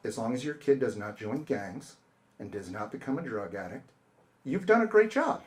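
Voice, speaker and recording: A man's voice: mid-range voice, big pitch swings, moderate pace. A middle-aged man, an author, telling stories to an audience at a bookstore and acting out the people he quotes. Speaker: author giving a bookstore talk. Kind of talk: casual talk with audience Q&A. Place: bookstore event space.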